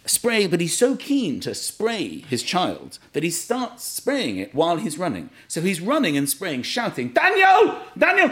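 A man's voice: fairly high pitch, wildly swooping pitch, unhurried, few pauses, breathy edge. A man chatting as a guest, telling rambling, self-deprecating anecdotes with frequent restarts. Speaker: comedian guest. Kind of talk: anecdotal chat.

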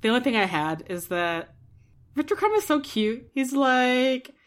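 Gushing woman on a podcast, voice that swings up and down, mid pitch. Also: lively intonation, unhurried. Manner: gushing, acts out quotes. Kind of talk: casual podcast chat.

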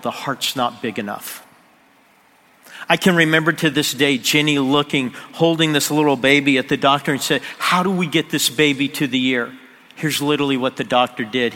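Male pastor, sermon storyteller, forceful tone, echoing church hall. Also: mid-range voice. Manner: drops to near-whisper on emotional moments. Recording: long hall reverb.

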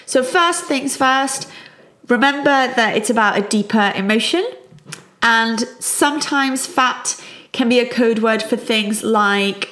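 A middle-aged woman, a child psychologist, calmly and reassuringly explaining parenting advice. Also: a little high. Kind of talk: parenting advice talk to camera.

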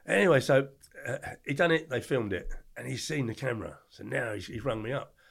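A man's voice: medium pitch, a little fast, vocal fry, husky. An older man, a podcast guest telling stories in a rambling, blunt way, often stopping to correct himself. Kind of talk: casual storytelling.

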